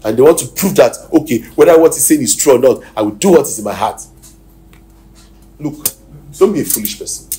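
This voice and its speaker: A Nigerian-accented man preaching a sermon as pastor, swinging from loud shouted exhortations to quiet near-whispers. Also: mid-range voice, expressive, brisk. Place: church hall. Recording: echoey hall, distant mic, faint noise.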